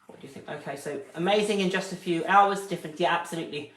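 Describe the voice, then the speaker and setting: A man's voice: high voice, quick pace, a bit bright. A man, a dog trainer, explaining his methods in a live-streamed training session and stopping to praise a puppy. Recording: roomy, distant from the mic, faint noise.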